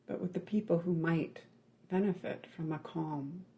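A meditation teacher with a gravelly voice gives a Buddhist dharma talk at a mid-range pitch. The delivery is measured and full of pauses, with frequent "right?" check-ins. Key words soften to a near-whisper. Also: fairly even intonation, a little hiss or hum.

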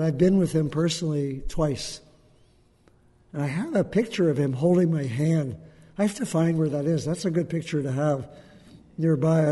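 A man giving a gentle, unhurried dharma talk to a group as a meditation teacher, pausing often. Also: a little high, breathy edge, big-room sound. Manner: gentle, unhurried, with frequent pauses and fillers.

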